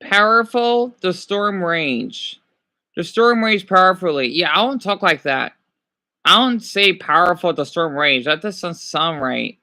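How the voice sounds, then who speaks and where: A man's voice: a little high, animated, moderate pace, pushed and bright. A man streaming casually, reading quiz questions aloud and reacting with exclamations while he talks back to his chat.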